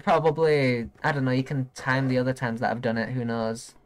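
A young man streaming a video game live, chatting excitably and giggling with his viewers. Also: medium pitch, fairly quick, hardly any pauses, slight background noise. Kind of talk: live gameplay commentary.

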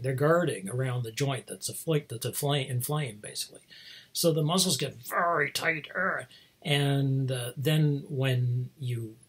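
A middle-aged man rambles through a casual monologue, chuckling often and restarting his sentences. His voice is extremely breathy and husky at a middle pitch. The delivery stays loose and unscripted. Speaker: host.

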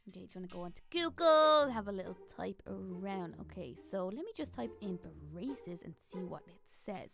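A woman's voice: mid-range voice, lively intonation, normal speed, creaky, fairly bright tone, faint music behind. A woman voicing a young girl in a game role-play who frets and hesitates as she talks to the viewers. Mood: chatty, uneasy. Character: young girl, anxious before getting braces. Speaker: Minecraft role-play character. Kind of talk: role-play vlog narration.

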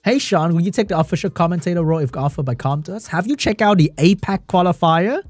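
A man giving live esports commentary on a stream, reacting excitedly, laughing often and chatting with his viewers. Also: sits high, fast talker, dry recording, soft background music. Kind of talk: live game commentary while reading chat.

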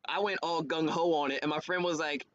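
A man, a theater actor, chatting as a guest in a casual interview, animated, laughing often and jumping up in pitch for quoted voices. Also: fairly quick. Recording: dull lo-fi stream audio with faint hiss.

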